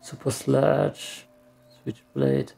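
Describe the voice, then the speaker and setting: A man mutters his way through a game in slow, casual commentary, with mild swearing here and there. His voice is heavily gravelly and dark, and faint music plays behind him. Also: mid-range voice, steady tone. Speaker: gaming streamer.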